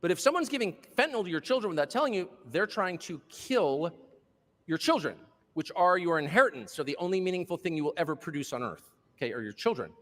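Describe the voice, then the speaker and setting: A man's voice: sits high, very animated, fast talker, fairly bright tone. A man giving a political speech to a live audience, impassioned and sardonic, with mocking asides. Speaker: speaker addressing a live audience. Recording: long hall reverb.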